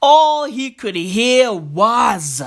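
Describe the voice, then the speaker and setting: A man delivering a profane comedic rant, loud and excitable, full of slang and repeated words. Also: very high-pitched, extremely slow. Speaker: comedic ranter.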